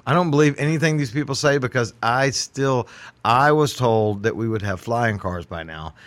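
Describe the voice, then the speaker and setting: A man, chatting as a host and telling animated, laughing stories. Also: medium pitch, normal speed, no room sound. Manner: animated storyteller, laughs often. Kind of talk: casual group chat.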